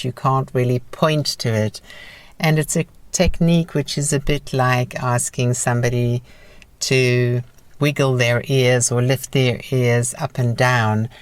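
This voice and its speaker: A woman teaching a guided breathing lesson in a calm, encouraging, instructive manner. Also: a bass voice, no room sound.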